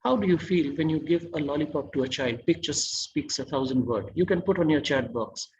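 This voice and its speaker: A man's voice: on the high side, a little fast, darkish tone, dull audio, slight background noise. A man giving an online masterclass lecture, quizzing his audience and praising their answers.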